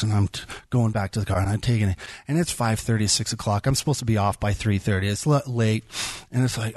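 A man's voice: mid-range voice, no echo. A middle-aged man telling a personal faith story in a conversational way, restarting phrases and acting out his own inner dialogue. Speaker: speaker sharing a testimony.

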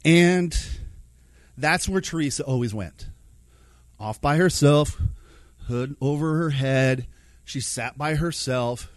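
A man telling a personal faith story, animated, acting out his own thoughts and the words of others. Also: on the high side, slow pace, pauses often, no room sound. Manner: animated, acts out his own inner dialogue.

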